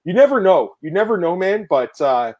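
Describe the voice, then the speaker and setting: A man hosting a casual fight-sport podcast, rambling and animated, telling stories with laughs and swearing, often calling out to the viewers. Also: sits high, normal speed, dull audio. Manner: addresses viewers as guys. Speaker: podcast host. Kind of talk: casual MMA podcast chat.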